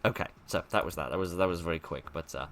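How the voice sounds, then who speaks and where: A man's voice: low-pitched, quick pace, creaky, fairly bright tone, a little hiss or hum. A man giving casual gameplay commentary, chatty and self-deprecating, rambling as he plays. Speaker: let's play host.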